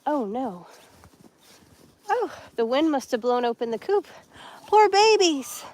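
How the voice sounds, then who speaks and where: Slow-talking woman chatting outdoors. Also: high voice, very animated, darkish tone. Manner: chatty, baby talk to her chickens. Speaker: livestream host. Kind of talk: casual livestream chat. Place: outdoor chicken coop in snow. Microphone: handheld phone. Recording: noisy outdoor phone audio.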